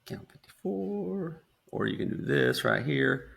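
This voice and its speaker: A man with an American accent casually talking students through a screen-recorded software tutorial step by step. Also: fairly high pitch, huge pitch swings, measured pace, vocal fry. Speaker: instructor.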